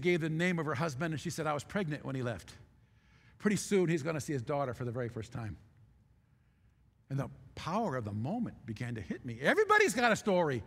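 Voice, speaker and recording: An older man telling an emotional story in a sermon, halting and repeating himself as he speaks. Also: high voice, bright, forceful tone. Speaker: pastor. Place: church sanctuary. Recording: hall reverb in a church.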